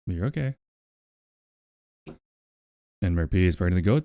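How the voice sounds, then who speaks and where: A man with a lowish voice that swings up and down a lot, chatting with his livestream audience. He rambles wryly and swears offhandedly. The sound is close and dry, with no room around it. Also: lively intonation, normal speed, long pauses, warm tone, no room sound. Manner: rambling and wry, swears casually, talks to his pet. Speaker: streamer. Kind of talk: casual livestream chat with a co-working audience.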